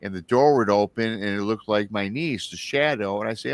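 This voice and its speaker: A man's voice: fairly low pitch, a little fast, dry recording. Rambling man in his forties telling a ghost story. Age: 40s. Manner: rambling, with many restarts and asides to listeners. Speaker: show host. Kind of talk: casual storytelling on a live show.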